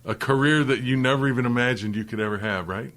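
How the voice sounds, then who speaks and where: A man's voice: medium pitch, quick pace, fairly bright tone. Man hosting an interview. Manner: leading questions that sum up the guest's story. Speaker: interview host. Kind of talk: interview questions.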